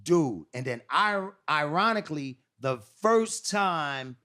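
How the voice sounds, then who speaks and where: A middle-aged man spinning a rambling story, his pitch swinging widely as he acts out each voice. He talks in a loose, laughing way, pushing his voice up high for the quotes and dropping it low for the asides. It is a relaxed conversation among friends. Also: slow pace, no room sound, studio quality. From New York. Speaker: guest storyteller. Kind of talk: casual storytelling chat.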